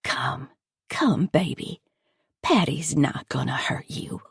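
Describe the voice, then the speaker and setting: A woman's voice: low voice, animated, measured pace, slightly rough, no echo, studio quality, full character voice. A woman voicing a coaxing, menacing female caretaker who talks in a crude drawl in an audiobook thriller.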